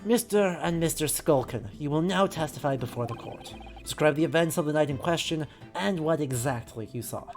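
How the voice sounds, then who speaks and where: A woman's voice: low voice, darkish tone, soft background music, voice pushed down. A woman voicing a stern, skeptical older male judge who speaks formally and drily. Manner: formal, dry, measured.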